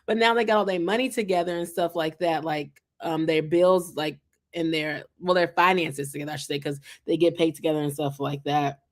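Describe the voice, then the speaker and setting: An American vlogger, a young adult woman, reviews a reality show in a casual chat to camera. Animated and chatty, she peppers her talk with "like," "um," and asides of "child," in a low-pitched voice at a fairly quick pace.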